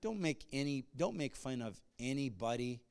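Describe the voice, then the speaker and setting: A male pastor giving a sermon, moving between conversational asides and loud call-and-response bursts. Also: medium pitch, expressive, moderate pace, clear, resonant tone.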